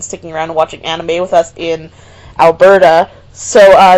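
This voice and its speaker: A woman's voice: fairly low pitch, level tone, normal speed, a little mellow, low-quality recording. A young woman from Canada co-hosting a casual podcast chat, giggly and chatty with plenty of filler words. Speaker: podcast co-host.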